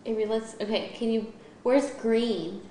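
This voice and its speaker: A woman's voice: on the high side, steady tone, moderate pace, dark tone, echoey room, a little hiss or hum. A woman at home asking her toddler playful, coaxing questions in a casual home video. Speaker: parent.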